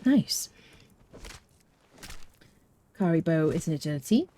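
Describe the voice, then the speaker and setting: A woman giving chatty, animated live commentary while she plays a video game. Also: deep voice, slow pace. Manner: chatty, animated, talks to chat and her cat. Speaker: game streamer. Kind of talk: live let's play commentary.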